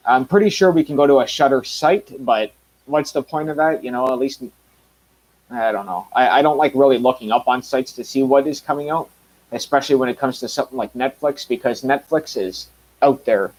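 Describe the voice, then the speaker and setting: A man's voice: mid-range voice, brisk, poor audio. A Canadian man with a mild Canadian accent talking casually to his viewers, rambling with lots of ums, restarts and blunt remarks. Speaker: reviewer.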